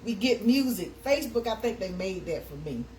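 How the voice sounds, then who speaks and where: A woman's voice: medium pitch, animated, moderate pace, darkish tone, slight background noise. A woman hosting a casual live chat, talking in a sing-song way and reading comments aloud. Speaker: livestream host.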